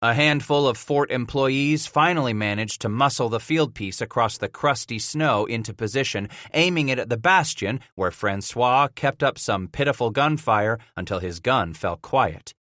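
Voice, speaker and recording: A man narrating a frontier audiobook in a measured, vivid way. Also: mid-range voice, animated, fairly bright tone, dry recording, clean studio sound.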